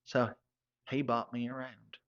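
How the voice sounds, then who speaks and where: Man, mid pitch, rambling comic storyteller, slightly muffled lo-fi sound. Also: completely flat delivery, a little slow. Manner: rambling, drawling, self-correcting. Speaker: comedic storyteller in character. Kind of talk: comedic monologue.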